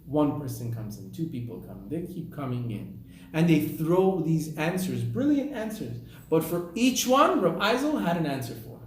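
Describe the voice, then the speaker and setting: A man's voice: a little high, very animated, normal speed, slight background noise. A man, a rabbi, tells a story in a sermon, sprinkling in Hebrew terms, in an echoey room. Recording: echoey room with faint ambience.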